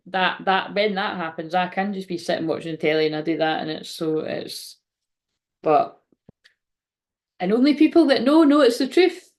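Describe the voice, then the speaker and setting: A woman hosting a casual live-stream tarot reading, chatting to viewers, laughing often and swearing casually. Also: mid-range voice. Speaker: tarot card reader and livestream host.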